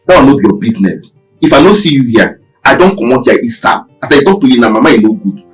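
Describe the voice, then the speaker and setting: A man's voice: medium pitch, sing-song, distant mic, faint music behind, natural voice, low-quality recording. An actor with a Nigerian Pidgin accent playing a jealous, angry boyfriend from the village, scolding his partner in a film scene. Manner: quarrelsome, rapid scolding. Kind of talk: Nollywood film acting.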